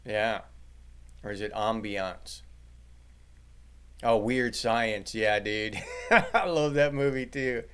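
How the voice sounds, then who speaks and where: A man's voice: mid-range voice, takes it slowly, fairly bright tone, clear, resonant tone. A middle-aged man hosting a livestream, chatting casually with his viewers and joking crudely with plenty of swearing. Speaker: livestream host reading chat.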